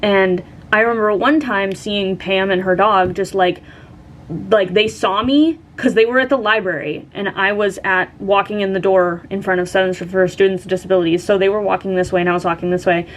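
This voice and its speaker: A woman's voice: medium pitch, fairly even intonation, fairly quick, a little hiss or hum. A young woman vlogger casually telling a story, chatty and full of "like" and "um". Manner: chatty, lots of "like" and "um".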